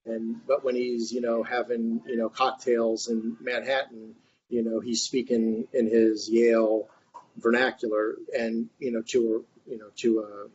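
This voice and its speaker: In an online reading group discussion, a participant rambles on at length, restarting often and leaning on fillers. His medium-pitched voice is flat, a bit slow and darkish, and the audio comes through muffled with faint background noise.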